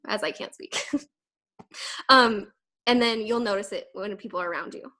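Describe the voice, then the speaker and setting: A young woman giving an energetic, emphatic motivational talk to her sales team, rambling quickly with fillers. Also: mid-range voice. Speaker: direct sales team leader. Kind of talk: casual motivational talk to camera.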